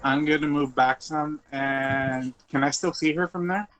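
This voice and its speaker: A man's voice: fairly high pitch, steady tone, unhurried, fairly bright tone, faint music behind. A man playing a tabletop game, declaring spells and checking rules with the game master. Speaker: player.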